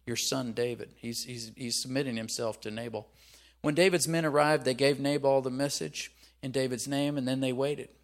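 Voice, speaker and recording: A male preacher reading a scripture passage aloud and commenting on it in an animated sermon, asking the listeners to repeat lines after him. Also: medium pitch, moderate pace.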